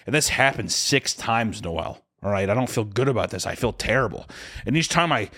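A man's voice: fairly low pitch, normal speed. A man telling a rambling, profane story in casual chat and acting out the people in it. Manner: profane, animated, acts out voices in quotes.

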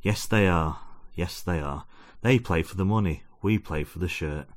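Man playing a pompous football dad, lecturing, deep low voice, storybook comedy. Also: normal speed, natural voice. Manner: preachy, lecturing. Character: football-obsessed middle-aged dad, pompous and self-deluding.

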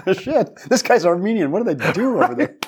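A man's voice: high-pitched, big pitch swings, fast talker, slight background noise. A man hosting a podcast, telling a rambling story in casual chat and laughing often along the way. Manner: loose, rambling storytelling with fillers. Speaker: podcast host.

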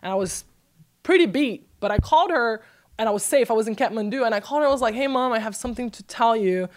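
A young woman from Brazil, a guest on a podcast, telling a story with lots of life. She laughs often and jumps into a high voice when she quotes people. Her voice sits a little high. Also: expressive, fast, background noise. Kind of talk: casual podcast interview storytelling.

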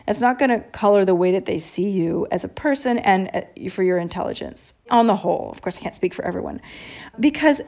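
An American woman in her thirties talks casually on a podcast. Her voice has a gravelly, creaky texture. She acts out pronunciations with animated emphasis. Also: medium pitch, brisk. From United States. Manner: animated, demonstrates sounds and accents. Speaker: podcast co-host. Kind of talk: casual conversation.

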